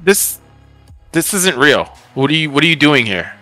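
A man's voice: a little high, very animated, moderate pace, bright, forceful tone, faint music behind, voice pushed up. A man playing a frantic, stammering trapped man. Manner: stammering, desperate.

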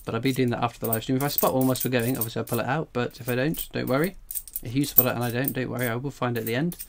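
A man chats away on his livestream, jokey and rambling as he reads out chat messages. He talks at a middling pitch and sounds buzzy from strong coffee. A faint hiss sits under his voice. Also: steady tone, very fast, vocal fry. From England. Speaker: livestream host, coin collector.

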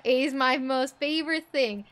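A woman's voice: high-pitched, moderate pace, a bit bright. A woman co-hosting casual commentary on a wrestling game, bantering and cheerfully admitting she gets confused. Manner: bantering, easily confused, laughing. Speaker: co-host.

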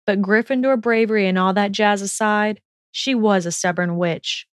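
A woman narrating a fan fiction audiobook in steady, measured storytelling. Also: medium pitch, clear, resonant tone, dry recording, studio quality.

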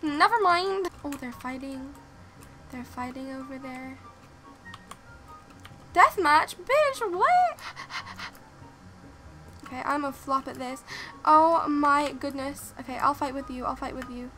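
A young woman commenting on her own gameplay, excitable, laughing and repeating herself as she plays. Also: high-pitched, normal speed, faint music behind. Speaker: gaming channel host.

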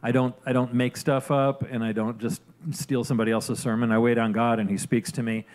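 A man preaching a sermon in a loose, conversational manner. His voice sits at a middle pitch, and he keeps checking in with his listeners as he goes. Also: level tone, brisk, a little mellow. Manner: conversational, frequent "right?" asides and restarts. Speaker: pastor.

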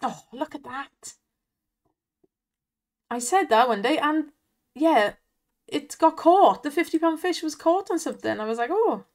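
Chatty Welsh woman, fairly high voice. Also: animated, a little slow, pauses often. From Wales. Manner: chatty, laughs often, cheers on spins. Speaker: online slots streamer. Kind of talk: casual chat and commentary over gameplay.

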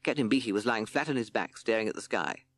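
A man narrating a children's audiobook in an expressive storytelling manner. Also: on the low side, fast talker, no echo.

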